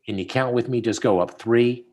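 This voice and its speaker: A man's voice: medium pitch, moderate pace. A middle-aged man, a dentist, walking a student through cases in casual teaching chat over a video call, telling stories as he goes. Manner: storytelling, animated when quoting people.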